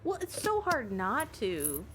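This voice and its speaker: A woman's voice: fairly high pitch, wildly swooping pitch, slow, a bit bright, a little hiss or hum. A young woman streamer chatting casually with viewers while playing a puzzle game, swearing and laughing often. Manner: chatty, swears, laughs a lot, shrieks when panicking. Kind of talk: casual live-stream commentary.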